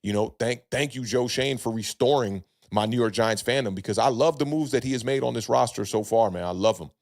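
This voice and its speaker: A young man with a mid-range voice hosts a relaxed live sports chat. He greets viewers by name and reads their comments aloud. His talk is loose and hedging, full of fillers. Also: mid-range voice, fairly quick. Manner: laid-back, hedging, many fillers, greets chatters by name. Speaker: podcast host reading live chat. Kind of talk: casual livestream sports chat.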